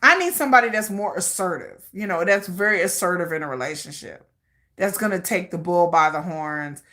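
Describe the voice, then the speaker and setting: A woman hosting a livestream in casual chat, rambling and animated and laughing often. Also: lowish voice, brisk. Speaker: livestream host.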